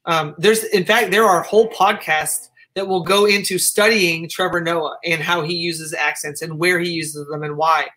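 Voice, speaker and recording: A man from the United States hosts a casual discussion in a bright, tense-edged voice. He drifts between points, often restarting his sentences and trailing off into fillers. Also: a little high, fairly even intonation. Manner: digressive, halting, many restarts and fillers. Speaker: host.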